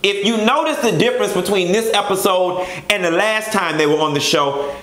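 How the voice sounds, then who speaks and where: A man's voice: sits high, normal speed, a bit bright. A man reviewing a reality TV show in a flamboyant, sassy and profane vlog. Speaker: vlogger. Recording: echoey room.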